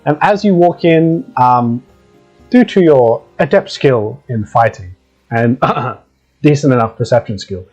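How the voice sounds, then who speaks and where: A man narrates a tabletop game as game master, relaxed and slow. His voice is a little husky, his pitch moving in a lively way as he describes the scene. Soft music plays faintly behind him. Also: rough recording.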